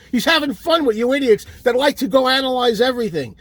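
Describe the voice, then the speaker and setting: A man's voice: very high voice, lively intonation, a little fast, few pauses, a bit bright, no echo. A man ranting in an exasperated comedic tirade and insulting his listeners. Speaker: comic ranting host. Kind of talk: comedic rant.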